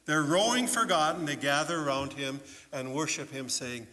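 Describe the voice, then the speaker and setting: A man preaching as a pastor in a church, telling a story in an animated way and putting questions to his listeners. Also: on the high side, moderate pace, few pauses. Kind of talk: children's sermon storytelling. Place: church sanctuary. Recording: long church reverb.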